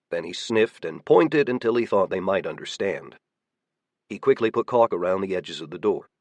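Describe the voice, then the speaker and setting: Low-voiced man narrating an audiobook. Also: slightly rough, no echo. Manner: steady, measured storytelling.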